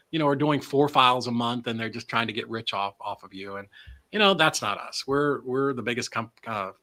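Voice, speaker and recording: A man, a business owner, pitching his service in a casual, energetic live webinar, often asking "right?" and letting a swear slip. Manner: animated delivery, swears. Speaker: transaction coordination business owner.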